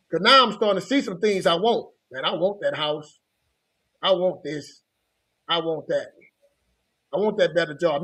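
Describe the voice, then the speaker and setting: This middle-aged Louisiana man, a motivational coach, tells his life story in a loose, conversational way, often repeating himself and starting over. His voice sits high and is a bit bright and husky.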